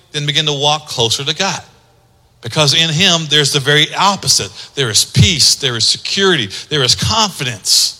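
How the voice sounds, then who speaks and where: A male pastor preaching in a church sanctuary, with a high, very bright, cutting voice. He moves from quiet teaching to loud, rising exhortation. A long hall reverb trails his words. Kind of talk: sermon.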